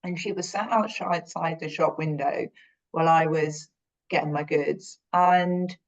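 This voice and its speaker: A woman's voice: sits low, fairly even intonation, a little slow, lo-fi sound. Earnest British woman telling a story. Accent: British English. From Britain. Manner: rambling, self-correcting, earnest. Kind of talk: reflective conversational storytelling.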